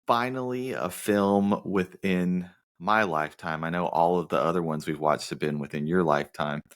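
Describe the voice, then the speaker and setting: Very deep-voiced man co-hosting a podcast. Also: normal speed. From Southern United States. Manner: teasing, rambling plot summaries. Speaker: podcast co-host. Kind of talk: casual movie-review chat.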